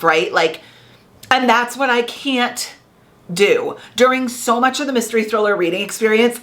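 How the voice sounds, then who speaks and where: A woman's voice: mid-range voice, fairly bright tone. A woman in her thirties chatting casually in a reading vlog, with lots of filler words and restarts. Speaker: book vlogger.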